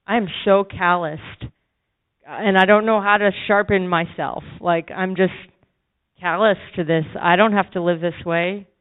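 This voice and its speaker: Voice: medium pitch, fairly even intonation, unhurried, phone-quality sound. A preacher giving a sermon testimony, telling a story with emphatic repetition.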